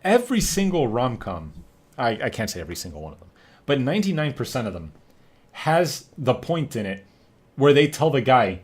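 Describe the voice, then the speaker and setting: Animated, swearing male podcast host. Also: mid-range voice, moderate pace. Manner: animated, profane, acts out quotes. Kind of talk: casual chat.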